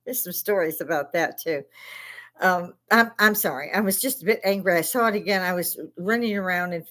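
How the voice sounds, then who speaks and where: A woman's voice: on the low side, brisk, fairly bright tone. A middle-aged woman from Chicago, an Army veteran hosting her own channel, talking casually in a blunt, profane rant and laughing often between complaints. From Chicago, USA. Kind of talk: casual ranting livestream chat.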